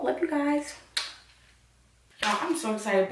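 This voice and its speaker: Young woman vlogger, chatty, fairly high voice, distant phone mic, roomy echo, background noise. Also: lively intonation, brisk, long pauses. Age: young adult. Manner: chatty, says "literally" and "like" a lot. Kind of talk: casual vlog chat. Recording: echoey room, distant mic, noisy.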